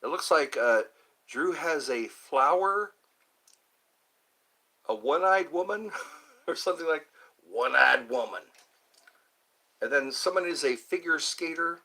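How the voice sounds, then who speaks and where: An older man hosting a live stream, chatting casually with viewers in a rambling, playful way and slowly sounding out their names. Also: fairly high pitch, sharp tone, rough recording.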